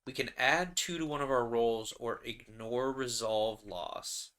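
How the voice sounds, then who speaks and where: A man's voice: medium pitch, unhurried, a bit bright. A man narrating his solo tabletop game in a rambling, casual way, laughing often.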